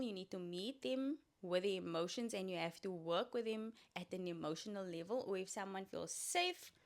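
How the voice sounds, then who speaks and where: Woman podcaster chatting away, coachy and playful, solo show. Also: mid-range voice. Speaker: podcast host. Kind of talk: casual solo podcast talk.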